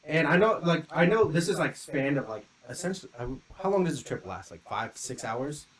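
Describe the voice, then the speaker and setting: This young podcast co-host has a voice on the high side and a brisk delivery, with a crowd audible behind a rough recording. Rambling through a long tale, he leans on "like" constantly and acts out quotes with energy.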